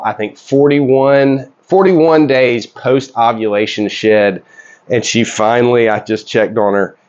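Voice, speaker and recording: A man hosting his own reptile breeding vlog, speaking casually with a congested voice while recovering from illness and keeping his excitement down. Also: mid-range voice, lo-fi sound. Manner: chatty, rambling with many fillers. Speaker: reptile breeder and channel host. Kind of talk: casual vlog talk to camera. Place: reptile breeding room indoors.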